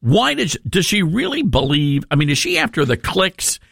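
A man hosting a talk radio show, animated and sarcastic in his commentary. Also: high-pitched, normal speed, gravelly, slightly rough, no echo, studio quality. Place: radio studio.

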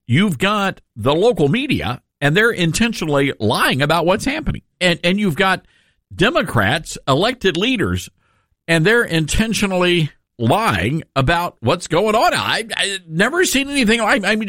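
A male talk radio host with a somewhat high voice that swings widely in pitch as he drives home his points. He talks sarcastically and emphatically, recorded dry and close with no room sound. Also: fairly bright tone, dry recording. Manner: sarcastic, emphatic, with asides to listeners. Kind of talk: opinionated talk radio monologue.

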